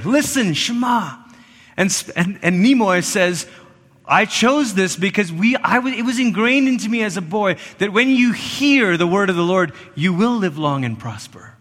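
High, bright-voiced man preaching in a church. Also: animated, normal speed. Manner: emphatic, repeats words, drops to near whispers for stress. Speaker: pastor. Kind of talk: sermon. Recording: long church reverb.

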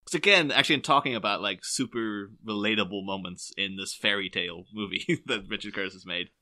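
A man's voice: lowish voice, quick pace. A young man co-hosting a podcast, chatting casually about a film with lots of fillers and restarts. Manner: animated, rambling with many fillers and restarts. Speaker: podcast co-host.

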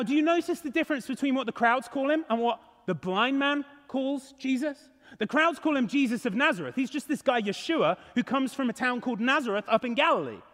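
A man's voice: sits high, a bit bright, in a large hall. A male pastor preaching a sermon in a church, earnest and emphatic. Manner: earnest, emphatic, rising and falling.

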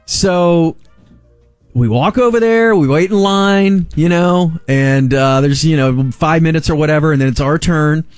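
A man in his forties tells a story on a talk show, lively and quick to laugh. His voice sits a little high, and the studio mic is close and dry. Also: clean tone, no room sound, faint music behind. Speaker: radio show host.

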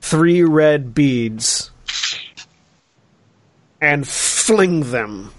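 A man running a tabletop game, his voice sitting somewhat high and swinging widely as he narrates and settles rules. The sound is close and dry with no room around it. He laughs easily between rulings. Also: no room sound. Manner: animated, quick rulings with frequent laughter. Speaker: game master.

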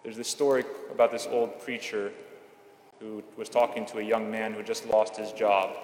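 A man giving a Catholic homily at Mass, measured and earnest, with slow emphatic phrases. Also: lowish voice, flat delivery, a little mellow, a little hiss or hum. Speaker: Catholic priest. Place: large church. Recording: echoey church with long reverb.

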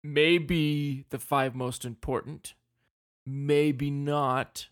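A man's voice: fairly high pitch, flat delivery, drawn-out words, clean tone. A man co-hosting a finance podcast, leading the casual chat with upbeat banter. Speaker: podcast co-host.

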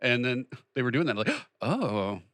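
A man co-hosting a casual chat show, firing off quick sarcastic quips. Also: medium pitch, fairly bright tone, no room sound.

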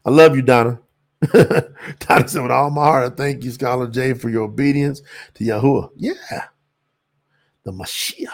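A man teaching scripture on a livestream, preacherly and animated, bursting into shouts. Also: medium pitch, moderate pace, long pauses. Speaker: Bible teacher and livestream host.

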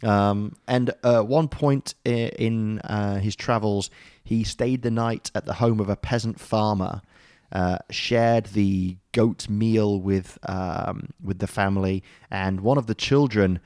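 Low-voiced man rambling casually, dry sound. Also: fairly even intonation, slow pace, hardly any pauses, a little mellow, no room sound. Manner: loose and joking, many fillers, swears freely. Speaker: podcast co-host explaining mythology. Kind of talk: casual podcast chat.

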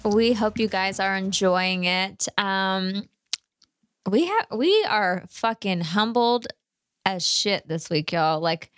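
A woman's voice: mid-range voice, expressive, slow pace, fairly bright tone, clean tone, no room sound. A young woman hosting a podcast in casual chat, laughing often, swearing freely and saying "y'all". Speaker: podcast host.

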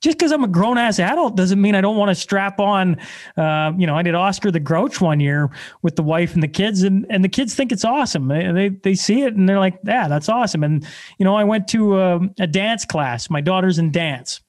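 A man in his thirties with a fairly high voice tells stories as a podcast guest. He talks bluntly and with plenty of energy, and he pokes fun at himself as he goes. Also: moderate pace. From Canada. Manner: energetic, blunt, self-deprecating storyteller. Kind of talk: casual conversation.

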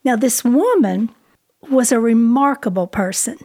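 A woman telling a personal story in a conversational, expressive way, as a co-host of a ministry talk. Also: on the high side, unhurried. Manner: conversational, expressive, drops to a whisper when quoting.

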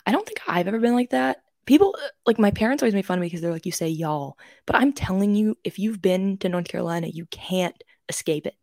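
A woman's voice: medium pitch, lively intonation, quick pace, few pauses, a little mellow, no room sound, studio quality. A young woman co-hosting a podcast, telling rambling stories in casual chat with lots of fillers and restarts. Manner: chatty storyteller with many fillers and restarts. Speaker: podcast co-host.

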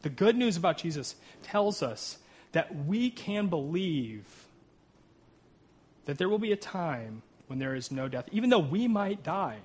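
An earnest man preaching a sermon in a fairly high-pitched voice. He reads scripture with rising emphasis and breaks it up with casual asides and jokes at his own expense. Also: big pitch swings, unhurried, darkish tone, slightly rough. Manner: earnest, with frequent "right?" asides and self-deprecating humor. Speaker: pastor.

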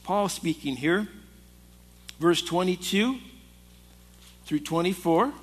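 A man's voice: high-pitched, lively intonation, slow. A male pastor preaching to a men's Bible study in a conversational, storytelling way. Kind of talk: sermon. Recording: long hall reverb.

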